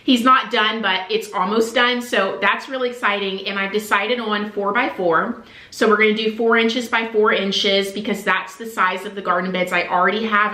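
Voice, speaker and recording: Bright, earnest woman vlogger. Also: medium pitch, echoey room. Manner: earnest and emotional, many "like" fillers. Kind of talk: casual chat to camera.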